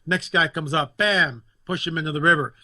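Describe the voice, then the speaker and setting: An indignant man holds forth as a guest commentator, hammering points home with repetition. His voice sits a little high and comes across bright and forceful. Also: moderate pace, no echo. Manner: emphatic, indignant, repeats phrases for effect. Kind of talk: impassioned political talk.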